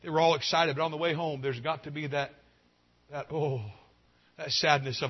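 A man preaches a revival sermon in a fairly high voice. He swings from hushed pleading to loud, ringing exclaims and draws out his key phrases. The sound is dull and lo-fi. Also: steady tone, moderate pace, slightly rough.

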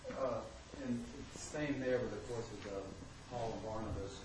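A man's voice: lowish voice, fairly even intonation, moderate pace. A man in a study group asking a hesitant question, fumbling for words. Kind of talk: question from the floor. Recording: echoey room, far from the mic, noisy.

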